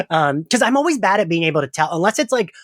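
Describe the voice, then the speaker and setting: A man's voice: high-pitched, fairly bright tone, dry recording, studio quality. A man hosting a podcast in casual chat, talking loosely with many fillers and frequent laughs. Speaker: podcast host.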